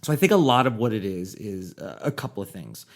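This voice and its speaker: Man, podcast co-host, casual rambling chat, halting, lively up-and-down pitch. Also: creaky. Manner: rambling, halting, many fillers.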